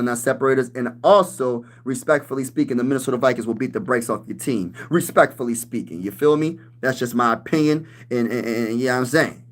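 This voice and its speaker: A mid-range male voice belongs to a man in his thirties hosting a casual sports livestream and reading comments aloud. He talks loose and slangy, calls everyone "bro," and breaks into shouts when he gets riled up.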